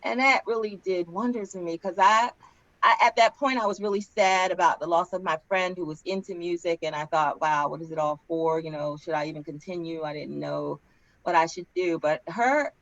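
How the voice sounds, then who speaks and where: A woman's voice: on the low side, a bit bright. This woman speaks in an earnest, storytelling way, restarting her sentences as she goes. The sound is dull and muffled, from a dry video call with no room echo. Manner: earnest storytelling, halting starts. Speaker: singer and co-host. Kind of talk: casual panel chat.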